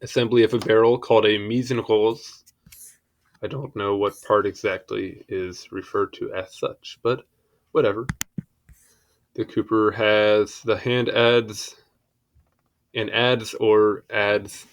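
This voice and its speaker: Young man, lowish voice, informal read-aloud, self-deprecating asides, fumbles pronunciations. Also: fairly even intonation, takes it slowly, a little hiss or hum. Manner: stumbles over foreign words, apologetic asides. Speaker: reader of encyclopedia articles. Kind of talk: casual reading aloud with asides.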